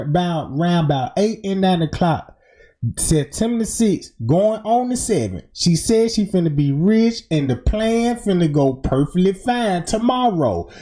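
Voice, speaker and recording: A livestream commentator walks through a true-crime theory in an informal way, often saying "boom" and "right?". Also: dark tone.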